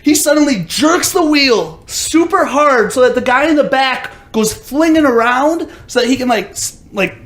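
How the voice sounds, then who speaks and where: A man co-hosting a podcast, telling stories in an animated, casual and profane way. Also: very high-pitched, moderate pace, few pauses, roomy sound. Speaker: podcast co-host. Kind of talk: casual chat.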